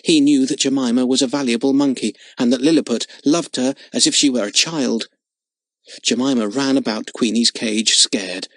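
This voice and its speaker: A man narrating a children's audiobook with an expressive, dramatic reading. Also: mid-range voice, normal speed, no echo. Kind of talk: storybook narration.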